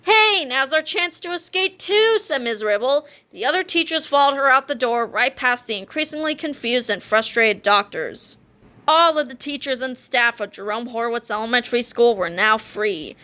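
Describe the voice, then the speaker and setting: A woman reads a children's chapter book aloud with playful, lively storytelling. Her voice sits slightly high. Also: normal speed. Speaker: reader.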